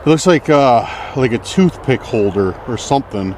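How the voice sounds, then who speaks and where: A man's voice: medium pitch, lively intonation, moderate pace, a little mellow, a little hiss or hum. A man vlogging to camera on a forest trail at night, rambling uneasily and packing his talk with fillers. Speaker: outdoor vlogger exploring trails.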